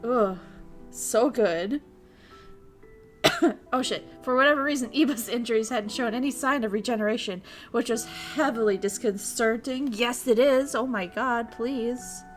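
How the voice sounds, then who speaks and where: Woman streamer reading a game out loud, swears a ton, keeps giggling, faint game music behind. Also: a little high, measured pace. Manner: crude, excitable, laughs and swears often. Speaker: VTuber streamer. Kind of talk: casual game stream, reading a visual novel aloud.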